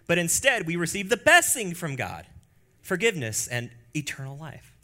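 Bright-voiced preacher, animated delivery. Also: male voice, normal speed. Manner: animated preaching that swings from hushed to loud and high. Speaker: pastor. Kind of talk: sermon. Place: church.

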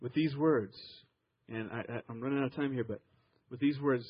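A man preaching a sermon, grew up in Iowa, telling stories with emphatic swings from loud to soft. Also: medium pitch, fairly quick, husky, muffled recording. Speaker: pastor.

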